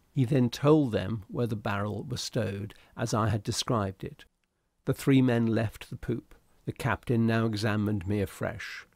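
A man reading a classic short story aloud in a steady, deliberate storytelling manner. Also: on the low side, creaky, no room sound. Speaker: reader. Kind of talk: audiobook narration of a classic story.

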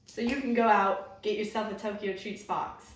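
A woman's voice: medium pitch, steady tone, normal speed. A woman co-hosting a casual snack taste-test, upbeat and chatty, exclaiming at the flavors. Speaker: co-host of a snack tasting video. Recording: very echoey room, mic far off, faint noise.

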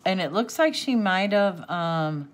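A woman's voice: on the low side, expressive, unhurried. A woman opening gifts off camera for her viewers, teary and sniffling, gasping and laughing with delight. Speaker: crafting channel host. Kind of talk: unboxing happy mail, chatting to viewers off camera.

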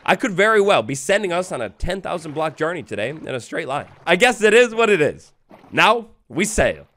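A young man talking through his survival game run in a bright, high voice that swings up and down constantly. He is playful and chatty, jokes with the creatures he runs into, and music plays softly under his voice. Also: a little fast. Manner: animated, playful, talks to mobs, bursts into excited yelps. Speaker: gaming YouTuber. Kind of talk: Minecraft let's play commentary.

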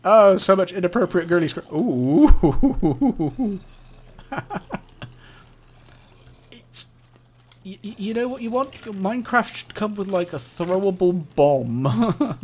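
A man's voice: sits high, expressive, measured pace, a little mellow, slightly rough. A man giving casual let's-play commentary, playfully chatting to in-game monsters, giggling and letting out yelps. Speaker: gameplay commentator.

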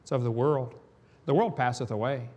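A man's voice: medium pitch, moderate pace, a little mellow. A man preaching a sermon, telling folksy stories with chuckles.

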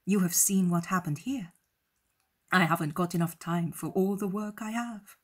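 Woman reader as Joseph, gentle protective husband, breathy and low-key, audiobook drama. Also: moderate pace, close to an everyday voice. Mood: reassuring. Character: devoted husband Joseph, grown man, protective and steady.

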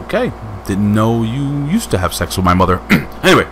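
A man casually reviewing a wrestling show, rambling and joking with quick asides, hyped up on strong coffee. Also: lowish voice, background noise. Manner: rambling, jokey, lively asides.

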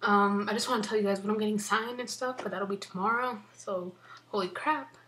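A young woman chatting excitedly in a casual unboxing vlog from her bedroom, rambling, swearing often and sometimes whispering. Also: mid-range voice, fairly quick, a little hiss or hum. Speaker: vlogger.

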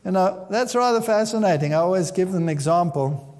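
Male preacher, high voice, dramatic scripture reading, dry wit, echoey hall. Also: animated, a little fast, darkish tone. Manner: reads scripture aloud with dramatic emphasis. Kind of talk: sermon.

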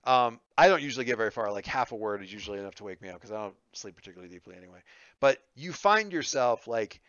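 A man's voice: fairly low pitch, expressive, fast, a bit bright, clear, resonant tone, no room sound. A man narrating as game master, rambling and hesitant, full of fillers. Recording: muffled dry lo-fi recording.

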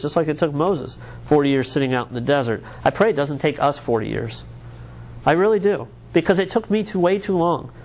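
A man from the United States, a pastor preaching a sermon in an earnest, conversational way, often restarting his words. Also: mid-range voice.

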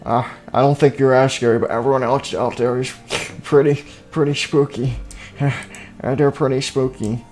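A man's voice: medium pitch, fairly even intonation, normal speed, a little mellow, soft background music. Casual young man hosting a game role-play. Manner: casual, filler-heavy, playful. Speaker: gaming channel host.

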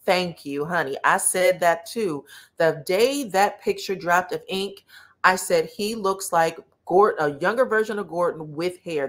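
A woman chats through reality TV gossip and viewer comments. Her voice sits a little low. She talks casually, drawling with slang. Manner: sassy, uses slang like child and delulu.

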